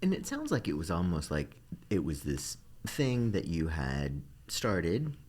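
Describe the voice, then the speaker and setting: A man interviewing an artist, asking slow, tentative questions full of hedges. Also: deep voice, huge pitch swings, a little mellow, slightly rough. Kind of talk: casual interview.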